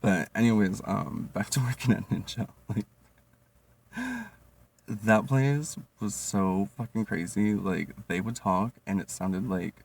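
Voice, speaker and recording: A young man spins a profane, animated storytime monologue, laughing often and leaning on filler words. His voice is low and gravelly with a husky edge. He sounds a little distant from the mic. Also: unhurried. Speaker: vlogger.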